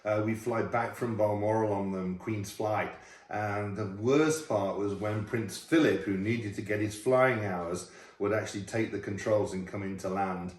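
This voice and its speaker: Speaking on the low side and a little slowly, this middle-aged British man, once a royal chef, answers viewer questions in a relaxed Q&A, laughing at himself along the way. A distant mic gives the audio a roomy quality.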